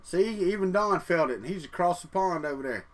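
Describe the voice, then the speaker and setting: A man's voice: sits high, expressive, fairly quick, fairly bright tone. Folksy man chatting on a livestream. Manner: folksy, talks straight to chat. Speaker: 3D printing livestream host. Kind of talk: casual livestream chat. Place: trailer home.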